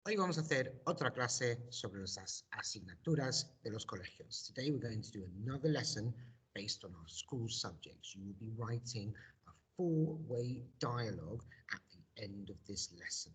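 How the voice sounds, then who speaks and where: A male teacher giving a recorded video lesson. He speaks slowly and deliberately, modelling each word for pupils to repeat and stressing every sound. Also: mid-range voice, lively intonation, fairly bright tone, slightly rough.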